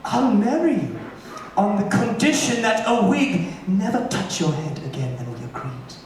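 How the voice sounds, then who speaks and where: A man's voice: high-pitched, very animated, normal speed, slight background noise. A man playing a brash, campy glam rock drag diva who teases her band and audience in live stage musical banter. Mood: wry. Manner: camp, sardonic, teasing the band and audience. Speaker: stage show frontwoman. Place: large theater stage. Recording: echoey live theater from far off with loud audience.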